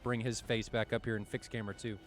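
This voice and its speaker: A man commentating a live flight-simulation match stream in a chatty, excitable way, swearing now and then and poking fun at himself. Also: lowish voice, quick pace, faint music behind. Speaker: esports commentator.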